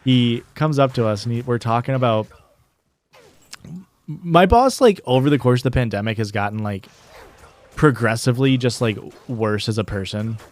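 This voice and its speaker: A man's voice: medium pitch, moderate pace. A young man streaming and chatting casually, telling stories in a rambling way, full of fillers and restarts. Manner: rambling storyteller, many "like"s and restarts. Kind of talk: casual chat while gaming.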